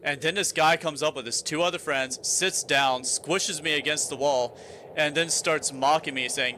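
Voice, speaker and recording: A man's voice: on the high side, moderate pace, bright, forceful tone, a little hiss or hum. A young man streaming a game, chatting casually and telling a long story with frequent restarts. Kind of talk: casual chat while gaming.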